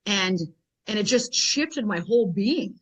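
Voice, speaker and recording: Woman guest, health professional, animated storyteller, mid-pitched, leans on fillers. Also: unhurried. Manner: rambling, animated, many "I mean" and "like" fillers. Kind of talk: casual interview storytelling.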